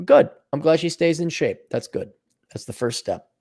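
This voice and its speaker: A man's voice: on the high side, lively intonation, moderate pace, warm tone. A man hosting a solo podcast, reading out listener donations and ranting in a sarcastic, profane way. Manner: mocking put-on voices in asides. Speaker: podcast host.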